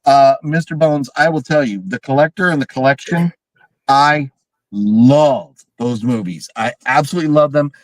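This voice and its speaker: A man co-hosting a horror film livestream, talking casually and excitedly, swearing and mimicking characters. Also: medium pitch, normal speed, no room sound, low-quality recording. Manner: animated, swearing, mimics characters with big shrieks. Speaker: podcast co-host reviewing horror films.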